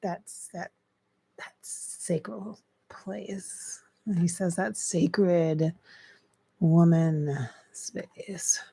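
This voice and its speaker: A middle-aged woman, a psychic medium, channeling spirits on a livestream, speaking softly and often slipping into hushed whispers close to her mic. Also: fairly low pitch, fairly even intonation, drawn-out words, creaky, breathy edge. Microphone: close desk mic.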